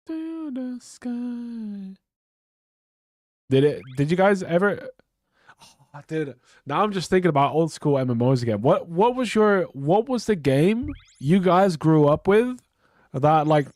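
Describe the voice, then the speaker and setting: With a mid-range, darkish voice and no room sound, a young man rambles while live-streaming a game, his nose stuffy. He swears constantly in his casual chat and keeps starting sentences over.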